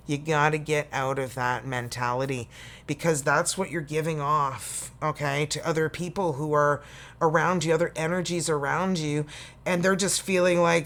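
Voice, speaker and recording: Canadian woman tarot reader, a touch low-pitched, folksy and chatty, lots of "you know" and "okay". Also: moderate pace, fairly bright tone. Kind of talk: casual tarot reading to camera.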